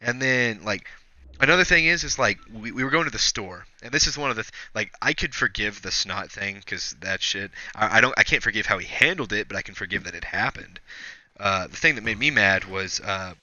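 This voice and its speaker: A man's voice: fairly low pitch, expressive, a little fast, pushed and bright, no echo, lo-fi sound. A young man streaming a shooter game, telling a long story in a loose, profane way between plays. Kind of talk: rambling story told while gaming.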